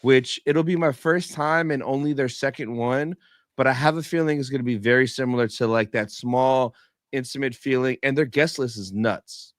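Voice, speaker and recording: A man's voice: medium pitch, moderate pace, no echo, clean studio sound. A man chatting casually as a livestream guest, joking and laid-back. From United States.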